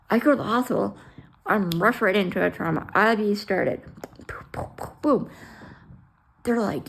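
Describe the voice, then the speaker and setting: A woman with a mid-range voice and a gravelly, creaky edge recounts her own story. She talks bluntly and swears freely, acting out the dialogue and jumping between hushed asides and loud outbursts. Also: mid-range voice, expressive, moderate pace, long pauses. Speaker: storyteller sharing her life. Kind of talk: emotional personal storytelling.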